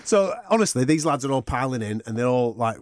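A man's voice: mid-range voice, lively intonation, a little fast, slight background noise. A man co-hosting a podcast, telling a long anecdote in casual, sweary banter. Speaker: podcast co-host.

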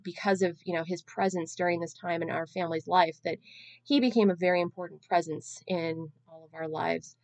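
A woman's voice: lowish voice, a little mellow, dry recording. A woman in her thirties hosting a podcast alone, telling a long-winded, self-deprecating story in a casual, chatty way. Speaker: podcast host.

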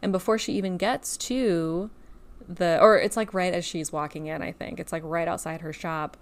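A woman's voice: fairly low pitch, steady tone, normal speed. A woman co-hosting a casual book podcast, recapping a story in a chatty way with lots of filler words. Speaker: podcast co-host.

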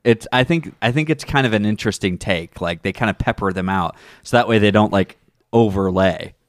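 A man co-hosting a podcast in casual chat, laughing often and restarting his sentences as he rambles excitedly. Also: on the low side, brisk, dry recording, studio quality. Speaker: podcast co-host.

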